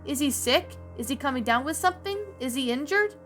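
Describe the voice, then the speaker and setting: A woman's voice: sits high, animated, a little fast, a bit bright, soft background music, voice pushed up. A woman voicing a worried middle-aged father asking anxious questions.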